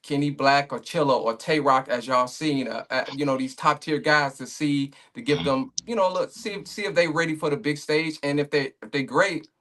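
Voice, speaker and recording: A man's voice: on the high side, normal speed, hardly any pauses, fairly bright tone. A man talking casually as a guest on a remote podcast call, laid-back and rambling, with many fillers and restarts. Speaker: league owner guest.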